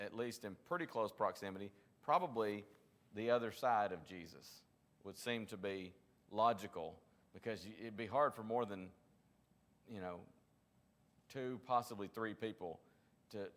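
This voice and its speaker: A man's voice: lowish voice, a little slow, a bit bright, long reverb tail. A man leading a Bible study, teaching conversationally, often restarting his sentences and acting out quotes. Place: church classroom.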